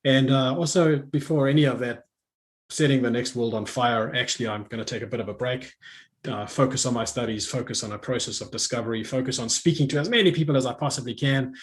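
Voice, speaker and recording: A man's voice: mid-range voice, quick pace. A middle-aged man talking reflectively as a guest, often restarting his phrases and laughing easily. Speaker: guest speaker. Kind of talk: conversational online talk.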